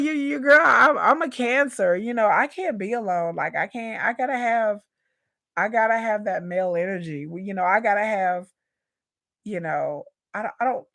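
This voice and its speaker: Frank, chatty woman with a gravelly voice. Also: fairly low pitch, dry recording, clean studio sound. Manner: chatty, frank, repeats and restarts; addresses viewers as "y'all". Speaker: YouTube reaction host. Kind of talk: candid personal rant.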